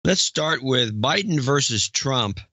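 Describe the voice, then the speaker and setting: A man's voice: mid-range voice, expressive, slow, sharp tone, no room sound. A man co-hosting a podcast, chatting casually with a wry, sardonic edge. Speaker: podcast co-host. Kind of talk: casual chat.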